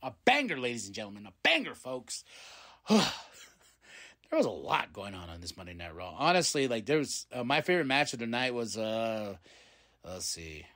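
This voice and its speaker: A man's voice: lowish voice, sing-song, fairly bright tone. A man hosting a podcast, casually recapping a wrestling show and acting out what the wrestlers said. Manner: rambling, acts out quotes in quick voices. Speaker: podcast host.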